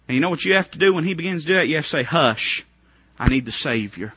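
A man preaches a fervent revival sermon, his high voice leaping up and down as he moves from hushed pleading to near shouts. His tone is bright and forceful, and the recording is dry and a little dull. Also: expressive, fast, breathy edge, no echo. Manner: fervent, swings from hushed to shouting, rhetorical questions.

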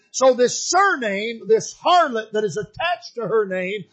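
A man preaching a sermon in a folksy, storytelling way, repeating phrases and pausing on frequent fillers. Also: high-pitched, big pitch swings, fairly bright tone.

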